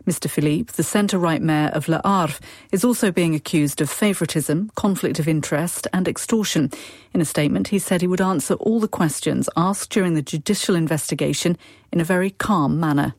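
A newsreader reads a scripted radio bulletin in a measured, formal tone. The voice sits in a middle pitch, and the booth sound is dry and close. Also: dry recording.

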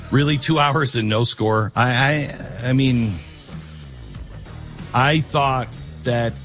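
A man hosts a radio talk show, delivering a conversational monologue and a host-read ad in a rambling, chatty way, with lots of fillers, restarts and sarcastic asides. His voice is medium-pitched and a bit bright.

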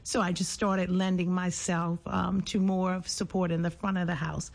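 Gravelly-voiced woman, measured and thoughtful. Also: fairly low pitch, level tone. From New Orleans. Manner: thoughtful, measured, with frequent fillers. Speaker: nurse and public health administrator. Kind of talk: conversational interview.

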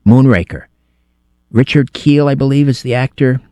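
A man's voice: medium pitch, moderate pace, mellow, no echo. A middle-aged man guest-hosting a late-night radio talk show, chatty and telling anecdotes. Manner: conversational, tells anecdotes with restarts. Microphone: studio microphone.

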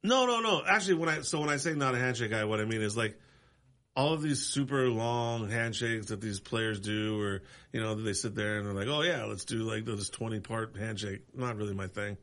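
A man co-hosting a sports radio show, giving blunt, quick opinions. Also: on the low side, a bit bright. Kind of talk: casual sports talk.

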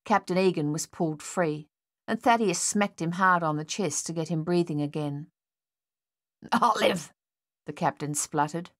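Low-voiced woman narrating an audiobook. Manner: measured, steady storytelling. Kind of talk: scripted narration.

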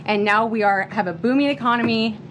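A woman speaking as a press secretary, delivering a slow, rehearsed briefing. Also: on the high side, a bit bright, poor audio. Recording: played-back clip with clear background noise.

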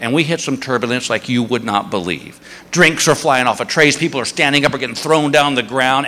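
Middle-aged male comedian, animated storyteller, bright voice, live hall reverb, faint audience noise. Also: on the high side. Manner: storytelling, animated, self-deprecating. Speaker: stand-up comedian. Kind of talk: stand-up comedy. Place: theater stage.

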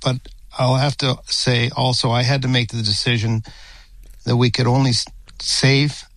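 An older man in his sixties answers news interview questions. He talks in a measured, hesitant way with frequent fillers. The sound is dry and close. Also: mid-range voice, flat delivery, fairly bright tone, no room sound, rough recording. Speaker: retired airline captain, interviewee.

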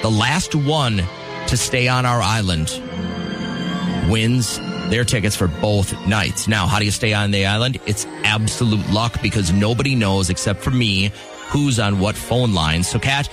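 A man's voice: fairly low pitch, unhurried, music in the background. A man hosting a radio morning show, running a call-in game with upbeat, joking banter in a studio. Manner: upbeat, joking, chatty with callers.

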